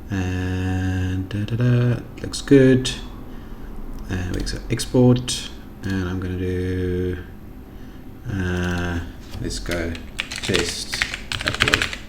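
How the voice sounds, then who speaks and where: A man with a South African accent talking through a software tutorial, thinking aloud as he clicks through menus. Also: deep voice, level tone, very slow. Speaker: tutorial host. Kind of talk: screen-recorded software tutorial. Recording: echoey room with noise and keyboard typing.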